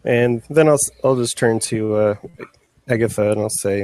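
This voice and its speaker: A man playing a tabletop role-playing game, deliberately describing his character's actions in the first person. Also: fairly low pitch, a little mellow. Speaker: player.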